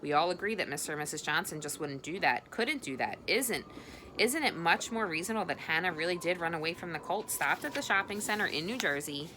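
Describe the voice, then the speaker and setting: A woman reading the lines of a soft-spoken, reassuring teenage boy. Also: on the low side, expressive, fairly quick, a little hiss or hum. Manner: soft, coaxing.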